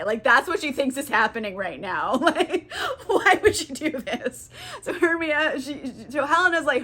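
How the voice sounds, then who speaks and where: A woman's voice: fairly high pitch, animated, normal speed, bright, forceful tone. A woman giving a casual, comic book summary, giggling often, swearing and saying "like" a lot. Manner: giggly, profane, lots of "like". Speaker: book vlogger.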